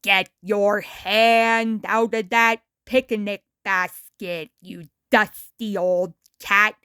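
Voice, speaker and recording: A woman voicing a gruff, bossy older male cartoon fish who is a TV star, speaking lower than her own voice. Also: steady tone, very slow, sharp tone, no echo, studio quality.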